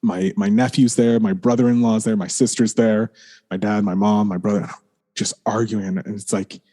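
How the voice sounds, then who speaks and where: As a guest on a podcast, this man rambles through a candid personal story, filling it with "like" and restarts and saying sorry for his swearing. His pitch is fairly low, his tone steady and dark, his pace moderate.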